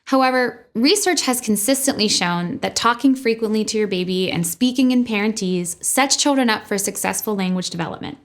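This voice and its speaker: A woman speech-language pathologist giving a scripted educational presentation in an upbeat, clear manner. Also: mid-range voice, a little fast, few pauses.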